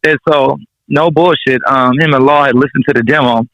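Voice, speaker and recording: A man tells stories in a relaxed, slangy way, often swearing and chuckling between anecdotes. His voice sits at an ordinary middle pitch. The sound is dry and a little dull, with the highs rolled off. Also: a little fast, no room sound. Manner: laid-back, slangy and profane, chuckling through anecdotes. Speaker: rapper guest. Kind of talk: casual storytelling interview.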